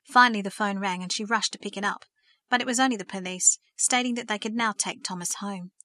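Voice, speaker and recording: A woman narrates a story in an earnest, steady manner. Her voice is bright, and the recording is close and dry with no room sound. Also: mid-range voice, brisk, no room sound. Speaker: audiobook narrator. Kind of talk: scripted narration.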